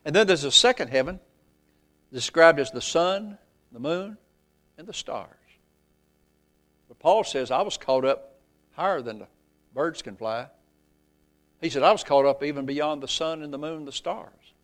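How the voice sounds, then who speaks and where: A man preaching a sermon, reading scripture aloud, rising loud and slow for emphasis, then falling very low and soft. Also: expressive. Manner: reads scripture in old-fashioned phrasing.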